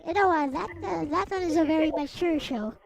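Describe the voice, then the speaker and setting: A woman's voice: very high voice, a little fast, gravelly, a crowd in the background. A woman chatting as a guest, hesitant with fillers between short remarks. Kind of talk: casual chat.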